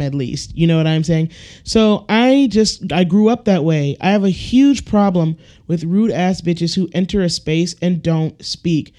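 A man with a high, slightly mellow voice hosts a casual solo podcast, ranting bluntly and with profanity. Now and then he acts out the people he quotes, shifting his voice to do so.

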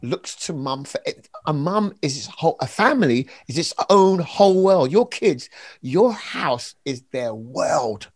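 A man with a fairly high voice, talking in an animated, preacherly way. He leans hard on key words and acts out little scenes. It sounds like a conversation, not a sermon from a pulpit. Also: a little slow, breathy edge, no room sound. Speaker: author and preacher being interviewed.

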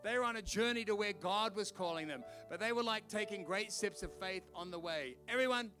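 A man with an Australian accent, a pastor preaching a sermon in an animated, conversational way, telling a personal story and urging listeners on. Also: high voice, a little fast, faint music behind. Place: church service.

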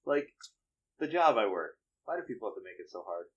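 A man's voice: on the low side, sing-song, fairly quick, rough recording. A man from northeastern Pennsylvania in casual chat, musing and trailing off with fillers.

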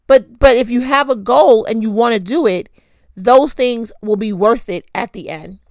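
A woman's voice: on the high side, normal speed, no room sound. A woman hosting a podcast, giving frank, conversational money advice with mild swearing and self-deprecating asides. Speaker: podcast host. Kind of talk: casual personal finance talk.

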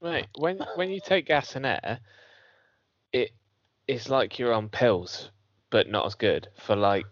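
A man's voice: medium pitch, slow pace, no room sound. A man telling sweary, laughing stories in casual banter as a podcast co-host. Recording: dry, dull lo-fi sound.

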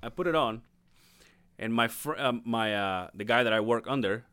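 A man's voice: mid-range voice, normal speed, pushed and bright, smooth, dry recording. A man co-hosting a casual podcast, telling a long story with lots of swearing and laughing as he goes. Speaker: podcast co-host.

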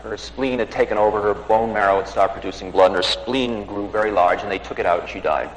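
A man's voice: fairly low pitch, fast talker. A man recounting a personal story in a recorded talk, acting out the voices of the people he quotes. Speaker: spiritual teacher telling a story. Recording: echoey hall recording with faint noise.

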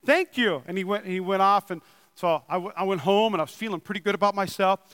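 High, bright-voiced excitable preacher man. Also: fast talker, dry recording, in a large hall. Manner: excitable, rising to loud emphatic bursts then easing into chatty storytelling. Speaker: pastor. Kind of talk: sermon. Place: church building. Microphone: wearing a microphone.

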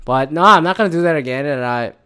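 A man's voice: a little high, quick pace, bright, forceful tone, clean tone. Profane, rambling male podcast host. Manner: rambling, profane, with frequent restarts and exasperated rhetorical questions. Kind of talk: casual solo podcast monologue.

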